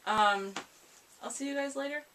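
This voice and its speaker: A woman's voice: high-pitched, moderate pace, fairly bright tone, a little hiss or hum. A young woman from America chatting casually to camera about library books, rambling and playfully dramatic. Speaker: book vlogger. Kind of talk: casual book chat to camera.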